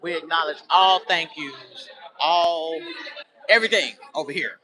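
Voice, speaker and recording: A man's voice: fairly high pitch, unhurried. Chatty man streaming amid a crowd. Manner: chatty, upbeat, addresses viewers directly. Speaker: vlogger at a graduation event. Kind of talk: casual live-stream chat. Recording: noisy crowd around the phone.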